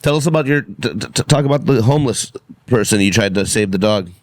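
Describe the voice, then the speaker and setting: A man's voice: lowish voice, fast talker, no echo. Man teasing dryly, close dry mic. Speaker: podcast co-host. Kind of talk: casual chat.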